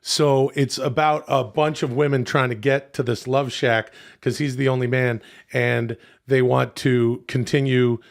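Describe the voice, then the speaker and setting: A man's voice: mid-range voice, flat delivery, unhurried, few pauses. Rambling male podcast co-host riffing. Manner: rambling, swearing, restarts while riffing. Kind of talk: casual comedic brainstorming.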